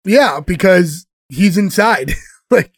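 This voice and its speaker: High-voiced man chatting, dry sound. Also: lively intonation, slow pace, slightly rough, no room sound. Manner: rambling storyteller, many fillers and restarts. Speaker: podcast host. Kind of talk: casual chat recapping a show.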